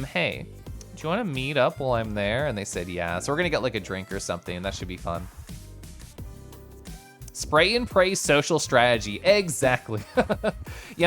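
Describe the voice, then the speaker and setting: A man from Kansas, live-streaming in casual chat as he reads and answers his chat, playful and quick to laugh. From Kansas, United States. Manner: animated and playful, swings his pitch, laughs often.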